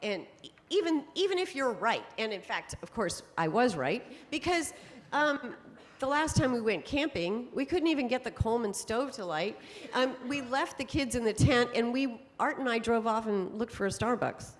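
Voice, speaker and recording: Middle-aged woman, conference speaker; bright storytelling delivery, somewhat high pitch, long hall reverb. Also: moderate pace. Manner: lively storytelling with frequent laughs. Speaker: speaker on temperament psychology. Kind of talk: conference talk to an audience.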